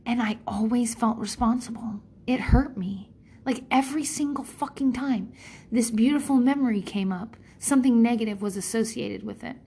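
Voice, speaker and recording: A woman's voice: on the high side, moderate pace, dark tone, breathy edge. Rambling, candid, swearing woman. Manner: rambling, profane, frank, acts out quotes in voices. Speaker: parent sharing advice. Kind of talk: candid casual monologue.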